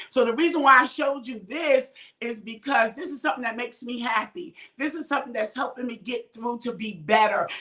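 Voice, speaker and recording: A high, bright woman's voice carries an in an informal sermon. She exhorts her listeners, repeats short phrases and calls viewers out by name. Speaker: minister hosting a midday livestream. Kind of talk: informal preaching to online viewers.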